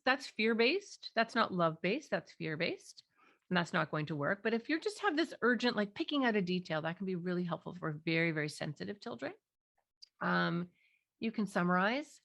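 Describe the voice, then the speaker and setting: A woman's voice: mid-range voice, expressive, fairly quick, a bit bright. A middle-aged woman, a parenting clinician, explaining techniques in an interview and animatedly acting out parent and child voices.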